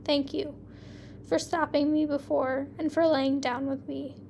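A woman voicing a gentle young mother, speaking softly and in a hushed way, with a high, gravelly voice. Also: flat delivery, measured pace, a little hiss or hum. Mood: tender. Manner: soft, hushed delivery.

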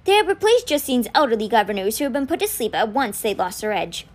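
A woman's voice: a little high, fast talker. A woman reading a novel aloud for a podcast, telling the story expressively. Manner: expressive storytelling with quoted lines read in. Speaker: podcast book reader.

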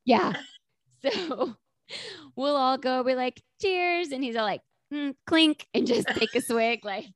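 A woman's voice: high voice, a little slow, dry recording, clean studio sound. A woman in her thirties chatting casually as co-host, acting out quotes with laughs. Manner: animated, acts out quotes with laughter. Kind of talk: casual chat.

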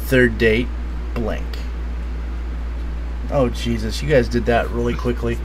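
A man reading out party game cards and keeping score in a casual, excitable, laughing way. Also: slow, noisy background. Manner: excitable, laughing, swings loud and high. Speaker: player.

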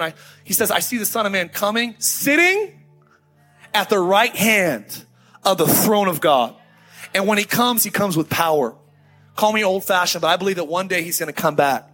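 A man preaching a sermon to his congregation as pastor, swinging from fiery calls to soft, intimate appeals. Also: sits high. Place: church hall before a congregation.

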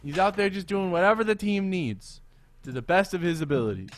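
A man co-hosting a casual sports podcast, animated and quick to laugh, often repeating himself. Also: high-pitched, a little hiss or hum. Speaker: podcast co-host.

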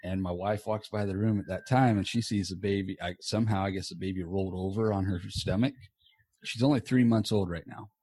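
A man's voice: deep voice, fairly quick, mellow, slightly rough, dry recording. A man hosting a podcast from a small home office, chatting loosely and casually with a guest and swearing now and then. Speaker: podcast host. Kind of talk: casual chat. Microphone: earbuds.

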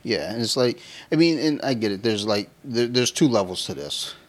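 A man in his thirties with a mid-range, expressive voice co-hosts a podcast, talking at normal speed. He tells loose, profane stories in casual chat and laughs often as he goes.

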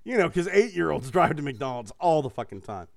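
A man's voice: a little high, fairly quick, gravelly. A man hosting a casual chat, swearing freely and laughing as he tells stories. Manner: profane, laughing, animated storytelling.

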